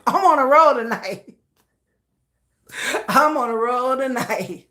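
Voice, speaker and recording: A woman's voice: sits high, lively intonation, slow pace, fairly bright tone. A woman hosting a casual livestream, teasing her chat and laughing often. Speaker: livestream host.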